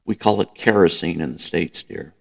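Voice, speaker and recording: A man voicing a calm, wry American woman who works as a radio operator. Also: deep voice, moderate pace, creaky, breathy edge, heavily acted.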